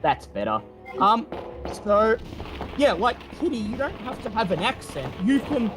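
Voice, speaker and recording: A man's voice: sits high, sing-song, a little slow, over music. A man streaming a game, explaining at length in casual chat, with frequent restarts and fillers.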